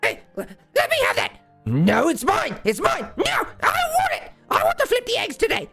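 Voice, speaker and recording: Tiny goblin kitchen hand, squeaky and frantic, pitched way up. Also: male voice, wildly swooping pitch, normal speed, bright, forceful tone, soft background music, full character voice. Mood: squabbling. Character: squabbling little goblin cooks, male, shrill and excitable.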